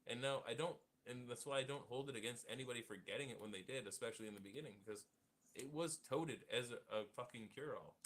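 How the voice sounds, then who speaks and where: A man's voice: mid-range voice, fast talker, fairly bright tone, slight background noise. Rambling, emphatic man hosting a debate. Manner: rambling, emphatic, swears, mocks others in put-on quotes. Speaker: debate host. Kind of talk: heated casual debate talk.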